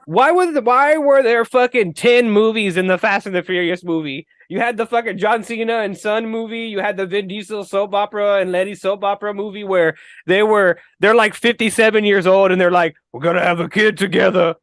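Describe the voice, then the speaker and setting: A man with a high, light voice co-hosts a loose podcast conversation. He rants with animated, cursing energy and laughs often. The sound is close and dry, with no room around it. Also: a little fast, few pauses, clear, resonant tone, no room sound. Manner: animated, profane ranting with frequent laughs. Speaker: podcast co-host. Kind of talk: casual movie-talk chat.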